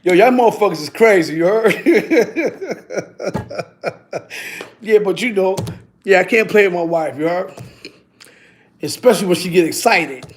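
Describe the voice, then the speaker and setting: Loud laughing man on a livestream. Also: high voice, expressive, a little slow, long pauses. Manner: loud, laughing, street slang, talks to chat. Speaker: livestream host. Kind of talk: casual livestream chat.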